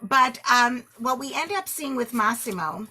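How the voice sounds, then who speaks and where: A woman leading a book club discussion, animated and acting out the characters' lines as she retells the story. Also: a little high, a little slow, a little hiss or hum.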